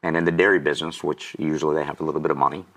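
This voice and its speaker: Low-voiced guest in his 60s, emotional testimony storyteller who chokes up. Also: fairly even intonation, racing, gravelly, fairly bright tone. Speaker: guest auctioneer.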